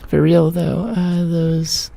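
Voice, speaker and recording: A woman from the United States streaming a game in a soft-spoken ASMR style, rambling playfully and often dropping to a whisper. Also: low-pitched, level tone, slow, gravelly, no room sound.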